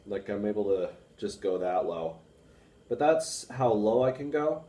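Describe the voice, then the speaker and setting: A young man with a baritone voice, rambling casually to camera with many fillers about reading and analyzing music. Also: animated, a little slow, dark tone, distant mic. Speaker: music student vlogger. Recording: echoey room with faint music.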